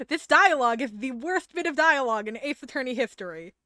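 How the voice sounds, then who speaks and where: A young woman speaks at a moderate pace in a high voice, recorded in studio quality with no room sound. She's casually chatting on a game live stream, animated and self-mocking, with plenty of swearing and laughter.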